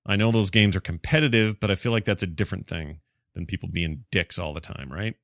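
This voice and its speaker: A low-pitched man hosts a casual podcast, reading listener mail and riffing on it in a chatty, self-deprecating way with frequent restarts. His voice sounds close and dry on the mic, with no room echo. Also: brisk, a bit bright. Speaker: podcast host.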